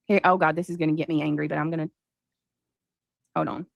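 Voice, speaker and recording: A woman's voice: low voice, level tone, quick pace, gravelly, dry recording, lo-fi sound. Blunt, sarcastic woman streamer. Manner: blunt, sarcastic, swears freely. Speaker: livestreamer. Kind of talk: heated livestream argument.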